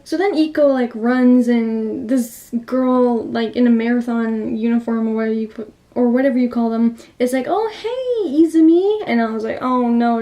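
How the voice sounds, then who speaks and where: Excitable rambling woman recapping a movie. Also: fairly high pitch. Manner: excitable, rambling, heavy use of 'like'. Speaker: movie reviewer. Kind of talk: casual movie plot recap.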